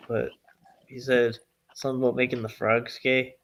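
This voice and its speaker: A man's voice: mid-range voice, moderate pace, a little hiss or hum. Rambling, laughing Massachusetts man. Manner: rambling, laughs often, animated tangents. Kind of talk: casual chat.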